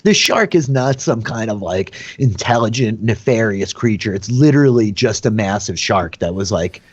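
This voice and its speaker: A man's voice: on the low side, lively intonation, normal speed, slightly rough, no room sound, highs cut off. A man narrating a tabletop game as dungeon master, telling the scene loosely with plenty of fillers. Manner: loose, filler-heavy storytelling.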